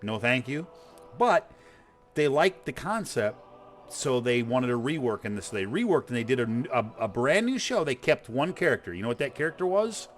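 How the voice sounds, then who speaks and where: A man's voice: medium pitch, sing-song, normal speed, faint music behind. A man in his forties streaming a game, talking bluntly and profanely in a rambling casual chat. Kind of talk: casual chat while gaming.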